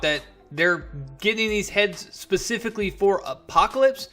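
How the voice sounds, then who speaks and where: A man's voice: sits high, normal speed, bright, forceful tone, soft background music. A man casually retelling a comic issue in a loose, chatty way with plenty of fillers and asides. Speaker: comic book reviewer. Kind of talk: casual spoken recap.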